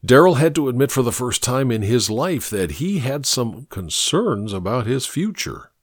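Animated male audiobook narrator. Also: medium pitch, breathy edge, no echo, clean studio sound. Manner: measured storytelling.

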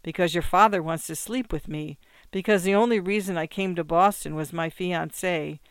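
A storybook reader voicing a quiet, restrained young woman who works as a babysitter. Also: medium pitch, normal speed, smooth, dry recording, close to an everyday voice.

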